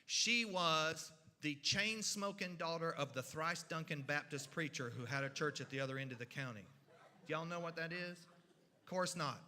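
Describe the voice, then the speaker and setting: A man's voice: high voice, long reverb tail, slight background noise. Folksy man telling stories. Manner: folksy, animated, with drawn-out pauses. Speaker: storyteller. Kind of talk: humorous storytelling at a church event. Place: church hall.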